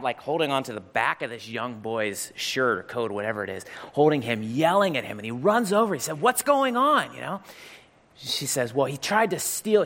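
A man preaching a sermon, telling a story with animated delivery and acting out the quoted lines. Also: mid-range voice, gravelly, in a large hall. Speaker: pastor.

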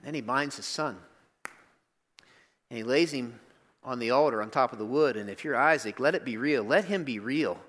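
A pastor preaching a sermon in a conversational, emphatic way. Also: male voice, mid-range voice, normal speed, pauses often, a bit bright. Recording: long hall reverb.

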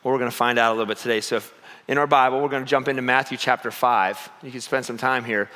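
A middle-aged male pastor preaching a sermon, telling personal stories with animated, self-deprecating humor and acting out voices. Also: mid-range voice, quick pace, in a large hall.

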